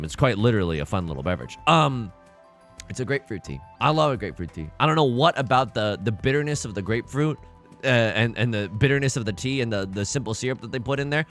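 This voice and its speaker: Young guy playing a game and rambling, super lively voice, bright and forceful, faint music behind. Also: mid-range voice. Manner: animated, rambling, self-mocking asides. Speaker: let's play host. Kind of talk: casual gaming commentary.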